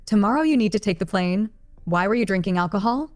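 A woman reading a gentle, teasing young man's lines aloud in an audiobook, keeping close to her own voice. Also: medium pitch, animated, fairly quick, soft background music, lightly acted. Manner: plain read-aloud voice, barely changed from narration. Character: gentle, teasing young man, patient and calm.

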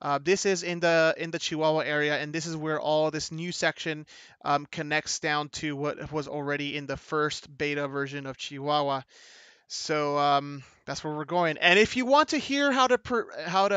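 A man's voice: on the high side, no room sound. A young man chatting casually to viewers while he streams and drives, rambling, restarting his sentences and laughing a lot. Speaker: streamer and mod developer. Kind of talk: casual live-stream chat while driving. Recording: loud game engine noise behind the voice.

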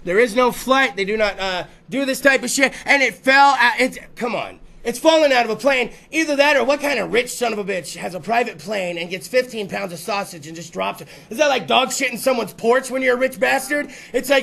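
Guy hosting a talk show, high bright voice, loud profane riffing, some gravel. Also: brisk, few pauses. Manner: profane, rowdy, animated riffing with put-on voices. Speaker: podcast host.

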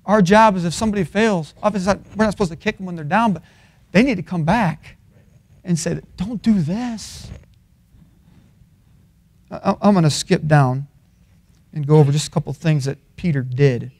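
High-voiced preacher, loud and soft by turns. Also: male voice, fairly quick. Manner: swings from loud emphatic peaks to low quiet asides. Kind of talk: sermon. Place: college chapel.

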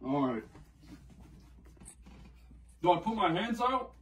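A man's voice: high-pitched, very animated, slow, fairly bright tone. A young man being pranked, asking suspicious, whiny questions in casual chat. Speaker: prank target grandson. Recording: voice distant from the mic.

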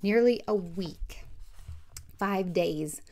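A woman's voice: mid-range voice, extremely slow, darkish tone. A woman voicing a wry, guarded young rancher woman in an audiobook, speaking in dry, defensive retorts.

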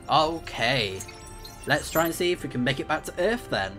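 Guy doing let's play commentary, chatty and amused, game music low underneath. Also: lively intonation, moderate pace, fairly bright tone. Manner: chatty, amused, laughs at the story. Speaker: gaming channel host.

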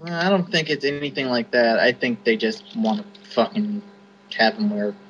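A man's voice: medium pitch, fairly even intonation, normal speed, fairly bright tone, highs cut off. A man co-hosting a podcast, ranting sarcastically and swearing in casual chat. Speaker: podcast co-host.

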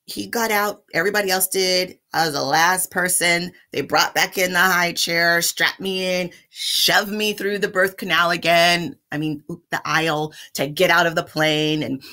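Middle-aged woman vlogger, bright lower voice, chatty storyteller. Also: measured pace, hardly any pauses. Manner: chatty, animated, addresses viewers as y'all. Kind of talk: casual storytelling vlog.

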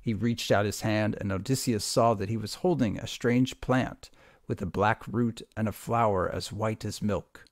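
A man, a teacher, reading a retold myth aloud to a class in an expressive, steady storytelling voice. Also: lowish voice, moderate pace, no room sound, studio quality.

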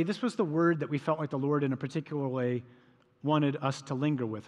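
A man, a priest, preaching a sermon in a lively storytelling way, acting out voices from the scripture scene. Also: on the high side, in a large hall. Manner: storytelling, acts out voices of disciples.

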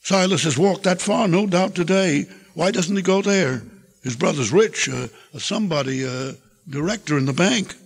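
An older man reading the part of a gruff, skeptical farmer in a dry, mocking way, with a gravelly, husky voice. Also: sits high, normal speed, exaggerated voice. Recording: reverberant hall from an archive tape.

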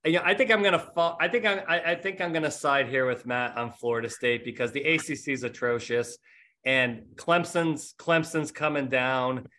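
A man's voice: medium pitch, moderate pace, bright, forceful tone. Rambling middle-aged male podcast host. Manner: rambling storyteller, self-mocking. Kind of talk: casual chat.

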